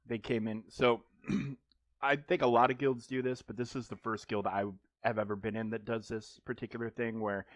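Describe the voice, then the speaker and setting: A man with a fairly low voice chats his way through a live gameplay stream, joking and wandering off on tangents with plenty of ums. The sound is dry and close to the microphone, with no room echo. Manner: rambling and joking, with frequent ums and restarts. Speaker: game streamer.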